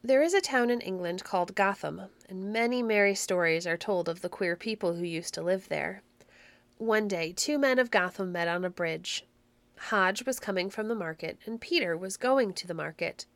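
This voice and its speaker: A woman's voice: medium pitch, expressive, fairly bright tone, no echo. Woman reading a storybook, dry sound. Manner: measured, clear storytelling. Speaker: audiobook narrator. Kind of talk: storybook narration.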